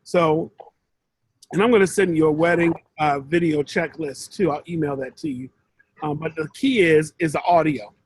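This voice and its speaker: A man's voice: on the high side, normal speed, slightly rough, dry recording, low-quality recording. A man mentoring one student in a casual, rambling way over a video call, often restarting his sentences. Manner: rambling, conversational, with frequent restarts.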